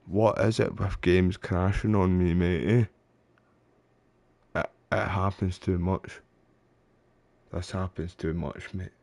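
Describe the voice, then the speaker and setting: A man's voice: sits low, steady tone, slow pace, creaky, long pauses, darkish tone, no room sound. A Scottish man streaming a game live, chatting away and getting frustrated, calling his viewers mate and bro. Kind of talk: live gameplay commentary.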